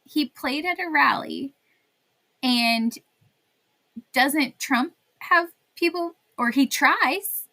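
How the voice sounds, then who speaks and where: Woman cohost, kinda high, bright sharp voice, snarky and laughing a lot. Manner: sarcastic, quick to laugh. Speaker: podcast co-host. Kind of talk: casual chat.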